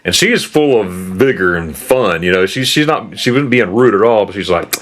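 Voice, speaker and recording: A middle-aged man in his fifties, from the States, chats casually as the host of a travel program. His voice sits on the lower side, and he rambles from story to story, often stumbling and restarting his sentences. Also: expressive, moderate pace, fairly bright tone. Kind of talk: casual chat.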